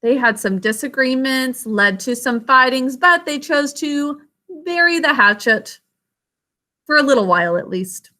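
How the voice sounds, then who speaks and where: Woman teacher, bright and slightly high voice, patient, spells words out syllable by syllable for the class. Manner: patient, sounds out syllables slowly and clearly; asks students questions and calls on them by name. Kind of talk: classroom vocabulary and spelling lesson.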